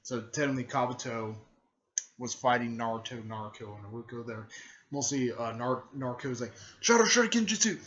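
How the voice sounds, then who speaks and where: A man's voice: mid-range voice, fairly even intonation, brisk, a bit bright. Guy rambling thru a fan story, tons of uh and mostly, kinda dull lo-fi sound. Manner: rambling, filler-heavy, repeats "mostly" and "there". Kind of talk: casual retelling of a fan story.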